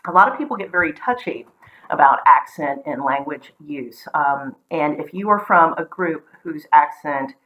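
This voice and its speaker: A woman in her forties from the American South, chatting casually in a vlog and thinking aloud with frequent filler pauses. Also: sits low, a bit bright. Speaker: vlogger. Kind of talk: casual educational chat. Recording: muffled lo-fi recording.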